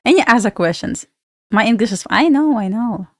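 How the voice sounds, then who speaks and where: This livestream trading host is a Belarusian woman with a matching accent whose voice is a little high, with lively intonation at a normal speed. She chats easily, reads out and answers viewer questions, and laughs a lot, all in a studio-quality recording without echo.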